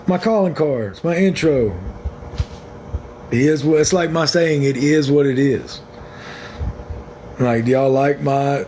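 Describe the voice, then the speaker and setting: A man's voice: medium pitch, measured pace, pauses often, a little mellow, a little hiss or hum. A man hosting his own livestream, talking in a blunt, frank and rambling way to viewers on a phone. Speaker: livestream host. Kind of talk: casual livestream chat.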